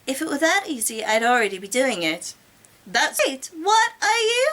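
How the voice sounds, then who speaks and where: A woman's voice: high voice, sing-song, moderate pace, a bit bright. A woman reading as an indignant, defiant young woman. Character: defiant young woman, aspiring manga artist.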